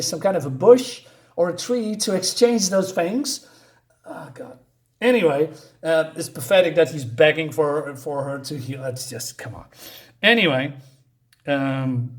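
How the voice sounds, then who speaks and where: A man reviewing a comic book in a casual, rambling way, sarcastic and exasperated. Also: sits high. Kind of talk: casual commentary with read-aloud dialogue.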